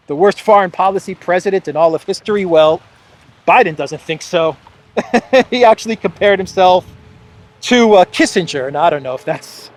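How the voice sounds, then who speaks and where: Speaking with a New York accent in a slightly high voice, a man hosts a lively political commentary vlog outdoors beside the sea. He frequently scoffs and laughs.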